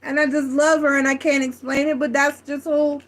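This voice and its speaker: A woman plays a worn-out man who stays with his partner anyway. He sounds weary and aggravated, his words trail off, and the voice sits high. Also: level tone, moderate pace, close to an everyday voice. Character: tired, resigned man stuck with his partner.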